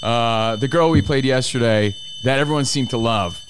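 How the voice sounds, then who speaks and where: A man's voice: medium pitch, moderate pace, a little hiss or hum. A man hosting a live podcast, bantering loosely and jokingly. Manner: loose and jokey, acts out quotes in a raised voice. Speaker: podcast host.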